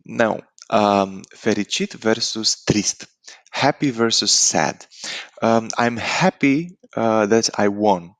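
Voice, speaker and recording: Low gravelly man with Romanian accent. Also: slow pace, no echo. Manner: relaxed, hesitant, many fillers and restarts. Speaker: language teacher. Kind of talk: casual spoken lesson.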